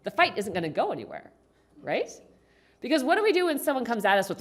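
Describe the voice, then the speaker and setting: A woman's voice: fairly high pitch, big pitch swings, fast talker. A woman giving a conversational talk to a congregation, asking the audience questions. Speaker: speaker at a congregation. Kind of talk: talk on communication.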